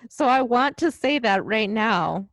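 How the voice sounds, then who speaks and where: A woman's voice: on the high side, expressive, a little slow, a bit bright, no echo. A woman chatting casually about a movie she disliked, blunt and sarcastic, often laughing at it. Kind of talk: casual movie review chat.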